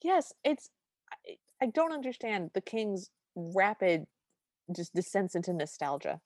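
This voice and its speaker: A woman's voice: mid-range voice, big pitch swings, a little slow, no echo. Wry woman podcaster, dry close sound. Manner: wry and sarcastic, quoting her notes. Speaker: podcast co-host. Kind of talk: casual chat recapping a film.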